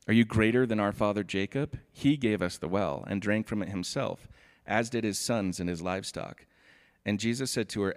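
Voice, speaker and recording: Low-voiced pastor reading scripture and commenting. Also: male voice. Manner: reads scripture steadily, then comments in a relaxed, chatty way with "like". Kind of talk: sermon.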